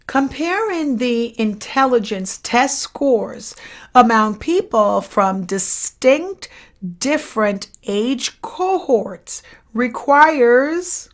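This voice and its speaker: A psychology lecturer with a high-pitched, fairly bright voice runs an exam review lesson. She goes over each question, repeating both the question and its answer, and checks in with the listener along the way.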